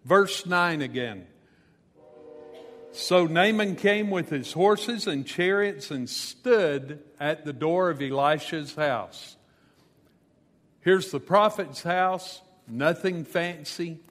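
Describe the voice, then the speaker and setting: A pastor delivers a sermon at an unhurried pace, telling a scripture story with casual asides. His voice sits a bit high for a man. The sound carries a long reverb, as from a large hall. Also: a bit bright.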